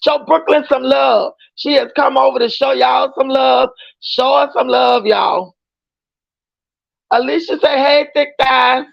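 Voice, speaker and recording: Brief: outspoken woman streamer, high gravelly voice, dull lo-fi audio. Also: a little slow. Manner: emphatic, outspoken, often raising her voice. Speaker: livestream reaction host. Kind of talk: casual livestream commentary.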